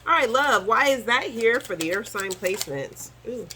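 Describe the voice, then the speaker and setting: A woman doing a chatty, animated tarot reading to camera, talking straight to her viewers as y'all. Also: fairly high pitch, moderate pace, a little hiss or hum, low-quality recording. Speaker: tarot reader.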